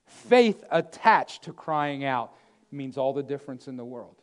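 A man preaching a sermon, emphatic and repetitive, swinging between loud declarations and hushed asides. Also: medium pitch, expressive, unhurried, clean tone.

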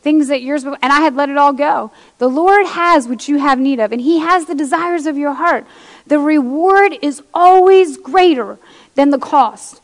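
A woman's voice: sits high, normal speed, in a large hall. A woman preacher giving an impassioned sermon, reading scripture aloud and speaking straight to her congregation in a church.

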